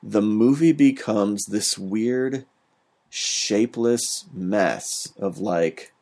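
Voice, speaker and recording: A man with a fairly low voice, talking through a movie in a loose, rambling way. He fills his sentences with "like" and "um" as he chats casually with a co-host. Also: extremely slow. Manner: relaxed, rambling, frequent fillers and "like". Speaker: podcast co-host. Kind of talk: casual movie review chat.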